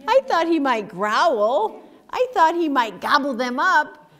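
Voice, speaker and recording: A high, slow woman's voice carries a picture book reading at library story time. She sounds animated and sing-song, regularly turning to the kids with questions.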